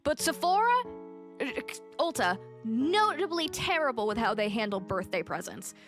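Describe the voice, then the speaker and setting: A woman's voice: fairly high pitch, sing-song, moderate pace, fairly bright tone, faint music behind. A woman livestreamer chatting casually and animatedly, telling a story while she plays and greets her chat.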